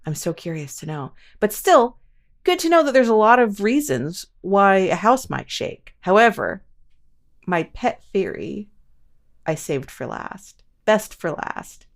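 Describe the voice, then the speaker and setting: A woman's voice: medium pitch, very animated, a little slow, gravelly. A woman hosting a paranormal podcast, chatting casually and making self-mocking asides to listeners. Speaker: podcast host. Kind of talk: casual podcast chat and reading news quotes.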